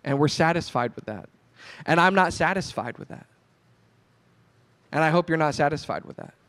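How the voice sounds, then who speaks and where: A male pastor preaching a sermon, told in a relaxed, conversational storytelling way. His voice sits a little high for a man. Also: moderate pace. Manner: conversational storytelling, animated retelling.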